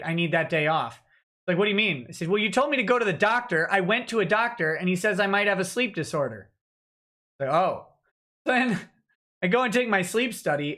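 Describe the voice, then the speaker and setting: A man's voice: high voice, a bit bright. A man from Minnesota hosting a show, telling a personal story in a wry, sarcastic, casual way. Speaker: host.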